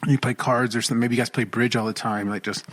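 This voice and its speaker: Guy on a podcast, chatty and animated, mid-pitch voice. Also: fast. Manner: animated storyteller who puts on voices. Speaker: podcast co-host. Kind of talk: casual chat.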